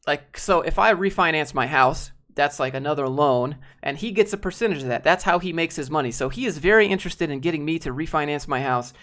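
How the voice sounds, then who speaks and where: In this casual live-stream chat, a male streamer talks bluntly to his audience, rambling, using fillers, and cursing now and then. His voice is on the high side with lively intonation, fairly quick with hardly any pauses, and a fairly bright tone.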